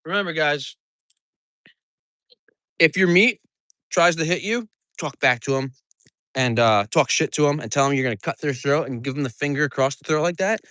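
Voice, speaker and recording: A man's voice: on the high side, moderate pace, pauses often, a bit bright, dry recording, studio quality. A man who hosts a farm livestream, chatting casually, joking and swearing while he does chores outdoors. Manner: profane, joking and rambling. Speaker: farmer and livestream host.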